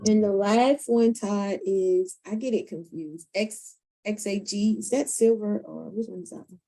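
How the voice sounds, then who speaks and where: A woman on a casual group call about trading, chatty and asking quick questions. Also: mid-range voice, vocal fry, warm tone.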